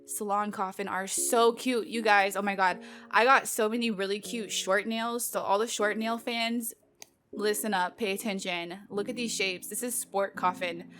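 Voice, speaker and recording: A chatty woman vlogger runs through a haul of nail supplies in loose, filler-heavy talk, peppered with playful exasperation. Her pitch sits in an ordinary middle range. Soft music plays faintly underneath. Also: fairly even intonation, moderate pace. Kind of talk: casual product unboxing chat.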